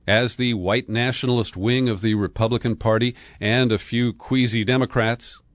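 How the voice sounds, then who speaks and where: A man's voice: medium pitch, no room sound, clean studio sound. A man hosting political news commentary, reading and reacting with scornful, sardonic asides.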